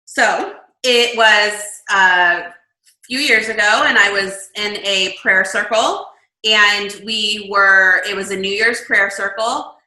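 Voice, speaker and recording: A woman guest describing her path into shamanic healing in lively, animated conversation. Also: medium pitch, slow, reverberant, low-quality recording. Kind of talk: casual storytelling chat.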